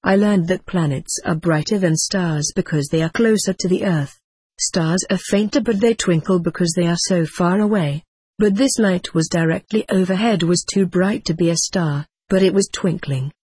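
A woman reading a first-person memoir aloud as an audiobook narrator, in a measured, descriptive way. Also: fairly low pitch, dark tone, husky, no room sound.

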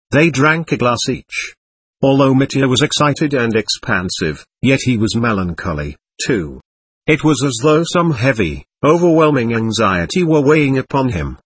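A man narrates a classic novel in a husky voice. His pitch moves a great deal as he reads. The sound is dry and close, with no room around it. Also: very animated, normal speed, no echo. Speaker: audiobook narrator.

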